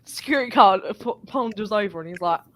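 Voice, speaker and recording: A woman telling an animated, sweary story in a casual live chat. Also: mid-range voice, quick pace, slight background noise. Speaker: guest.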